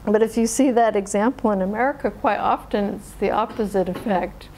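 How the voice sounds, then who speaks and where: A woman meditation teacher giving a dharma talk, explaining in a calm, unhurried way. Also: mid-range voice, slight background noise, rough recording. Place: meditation center hall.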